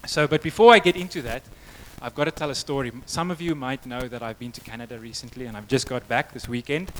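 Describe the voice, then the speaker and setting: A man's voice: mid-range voice, fast, a bit bright, slight background noise, poor audio. A man preaching a sermon, telling a story in a conversational way before moving to prayer. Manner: storytelling, conversational with acted quotes.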